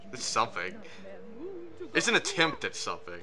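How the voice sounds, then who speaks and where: A man's voice: lowish voice, brisk, crowd noise. A man co-hosting a cartoon review, sarcastic and mocking, laughing often. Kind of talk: sarcastic commentary chat.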